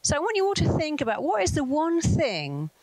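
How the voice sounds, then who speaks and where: A woman's voice: high voice, huge pitch swings, darkish tone, dry recording, rough recording. Earnest woman coaching an audience. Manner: earnest, slows down for repeated affirmations. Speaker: therapist and motivational speaker. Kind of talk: speaking to an audience, guiding an exercise.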